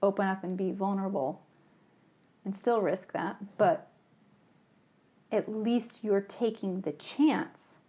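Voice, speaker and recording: A woman co-hosting a podcast in casual chat, speaking calmly and reflectively. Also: mid-range voice, slow, pauses often. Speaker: podcast co-host.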